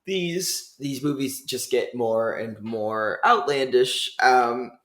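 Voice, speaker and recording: A man's voice: medium pitch, takes it slowly, a bit bright. Hesitant man thinking aloud in an echoey room. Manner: hesitant, many ums and restarts while thinking aloud. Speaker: podcast host. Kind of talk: casual film review chat.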